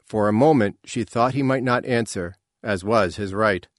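A man reading a novel aloud in a measured, even storytelling manner. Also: on the low side, no echo, studio quality. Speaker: narrator. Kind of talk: scripted narration.

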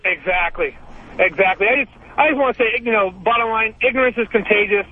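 Male radio caller, high voice, eager, repeats himself, tinny phone line. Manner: eager, repetitive, halting. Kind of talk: call-in talk radio.

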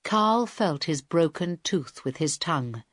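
A woman narrates an audiobook in a slow, unhurried voice that sits a little low. The recording is dry and close, with no room sound. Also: animated, no echo. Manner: slow, deliberate reading with quiet voiced dialogue. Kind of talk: scripted narration.

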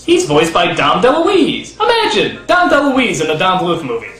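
A man giving a sarcastic, profane comedic film review with shouted outbursts. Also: high-pitched, wildly swooping pitch, normal speed, reverberant, over music.

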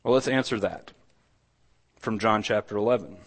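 A man preaching a sermon in a conversational way. He often repeats words and restarts, then swells louder on key points. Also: fairly low pitch, moderate pace. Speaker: pastor.

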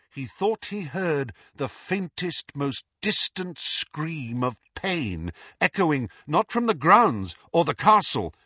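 A man giving a dramatic, expressive audiobook narration. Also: fairly high pitch, slightly rough, dry recording, lo-fi sound. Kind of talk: scripted narration.

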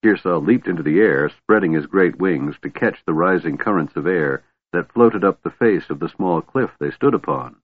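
A man narrating a fantasy audiobook in a steady, measured storytelling manner. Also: low voice, breathy edge, no echo. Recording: tinny phone-like dry sound.

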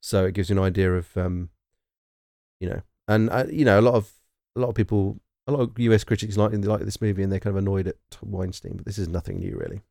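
A man's voice: low voice, steady tone, quick pace, gravelly, mellow, dry recording, studio quality. A man with a southern English accent co-hosting a film podcast, rambling with plenty of fillers and casual swearing. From England. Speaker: podcast co-host. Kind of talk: casual chat.

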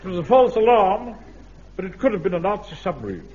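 An actor playing a pompous, self-important middle-aged Home Guard captain in a radio sitcom. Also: male voice, sits high, big pitch swings, fairly quick, a little mellow. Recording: muffled old radio recording with hiss.

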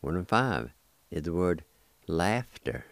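A man hosting a radio language lesson, spelling words letter by letter and repeating each word slowly. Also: sits low, big pitch swings, no room sound. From United States. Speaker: language teacher and radio host.

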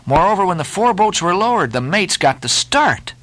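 A man's voice: high voice, normal speed, few pauses, no room sound, rough recording. A man giving a dramatic, theatrical reading of a classic novel as an audiobook narrator. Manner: expressive, theatrical storytelling.

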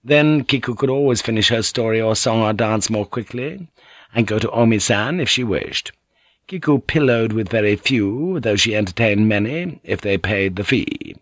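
A man reading a historical novel aloud as an audiobook narrator, in a measured, wry manner. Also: fairly low pitch, lively intonation, dry recording. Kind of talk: scripted narration.

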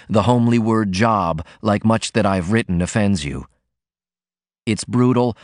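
A man voicing a proud young male writer in an audiobook, speaking in a measured, bitter, argumentative way. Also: medium pitch, no echo, clean studio sound, close to an everyday voice. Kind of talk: audiobook character reading.

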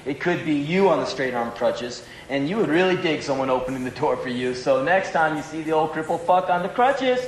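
A man with a slightly high voice delivers a rambling, profane stand-up monologue. His delivery is animated and loose, and the live venue around him sounds echoey. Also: fairly quick, few pauses, slight background noise. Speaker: stand-up comedian.

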